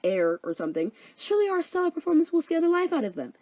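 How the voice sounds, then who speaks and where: A woman's voice: very high-pitched, very animated, quick pace, mellow, no room sound, pitched above the performer's own voice. A woman voicing Quinton, a sarcastic amateur theatre director.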